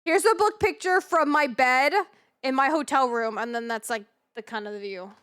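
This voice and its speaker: A young woman streaming live, chatting casually in a rambling, excitable way, swearing freely and repeating herself. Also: high voice, normal speed, clear, resonant tone.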